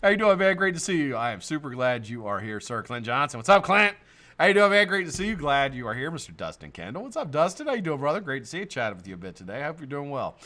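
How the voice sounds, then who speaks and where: A man's voice: a little high, sing-song, fast talker, bright, forceful tone. An American man hosting a live stream in casual chat, greeting viewers by name, swearing and laughing often.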